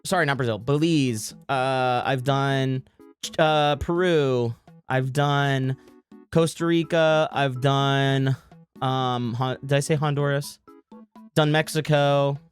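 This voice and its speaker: A woman's voice: rumbling low, steady tone, slow pace, faint music behind. A woman streamer chatting casually with her viewers, rambling and correcting herself. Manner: rambling, self-interrupting, swearing.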